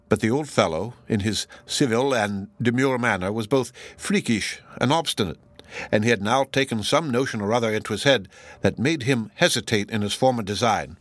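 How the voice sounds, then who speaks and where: A man's voice: fairly low pitch, normal speed, fairly bright tone, no echo. Man reading an old novel aloud. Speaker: audiobook reader. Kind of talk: audiobook narration of a classic novel.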